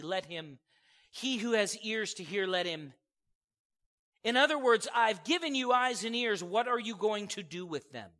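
A man's voice: high-pitched, sharp tone. A man preaching a sermon, teaching verse by verse, asking his listeners questions and acting out the people he quotes. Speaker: pastor. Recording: long hall reverb.

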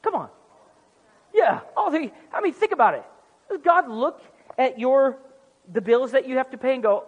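High-voiced, husky preacher man. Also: moderate pace, pauses often, muffled recording. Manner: animated, acts out dialogue in comic voices. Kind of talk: sermon. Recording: music under voice, long hall reverb.

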